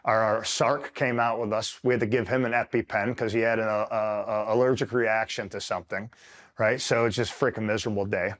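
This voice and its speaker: A middle-aged retired Marine from New York State telling a war story in casual, profane talk, full of "like" and "right?". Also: male voice, fairly low pitch, steady tone, a little fast, fairly bright tone. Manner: profane, rambling, filler-heavy with frequent "right?".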